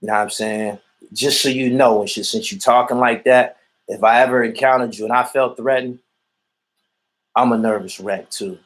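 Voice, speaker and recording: A man's voice: medium pitch, steady tone, normal speed, poor audio. Guy ranting on a stream, blunt and repetitive, swears a lot. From Erie, Pennsylvania. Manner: blunt, repetitive, profane street talk. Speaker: vlogger reading viewer comments. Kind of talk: livestream rant reacting to comments.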